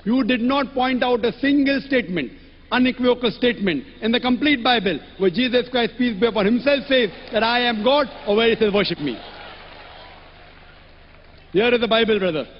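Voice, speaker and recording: Lecturer, man, high pitch, firm and pressing, dull lo-fi sound. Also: normal speed. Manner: firm and pressing, keeps saying "brother". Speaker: lecturer answering questions. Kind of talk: public debate Q&A. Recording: echoey hall, dull lo-fi sound.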